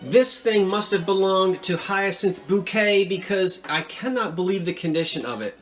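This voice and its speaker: A man's voice: sits high, normal speed, soft background music. A man enthusiastically showing off antique finds from a thrift haul in a chatty, casual vlog. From Philadelphia area. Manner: animated, enthusiastic, chatty asides. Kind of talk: casual show-and-tell vlog.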